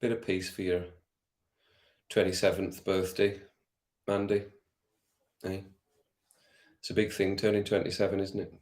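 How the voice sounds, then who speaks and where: A man chats casually with his stream viewers during a football watch-along, calling them by name and laughing easily. His voice sits low, and the sound echoes around the room he records in. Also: little pitch movement, unhurried, long pauses, a little mellow. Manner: chatty, addresses chat viewers by name, laughs often. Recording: roomy echo.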